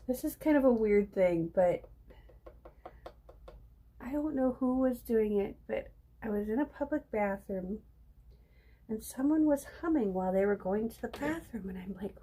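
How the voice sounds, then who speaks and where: A woman's voice: a little high, expressive, a little slow, pauses often, dark tone, breathy edge. A middle-aged woman hosting a live painting stream, chatting casually and rambling to viewers while she works, with hiccups. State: has hiccups. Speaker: live-stream craft host.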